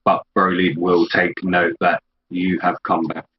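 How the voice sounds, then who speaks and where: Slow, deep-voiced man narrating a game. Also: level tone. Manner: slow, descriptive storytelling. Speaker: game master. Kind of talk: narrating a tabletop role-play game. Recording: dull lo-fi audio with faint background noise.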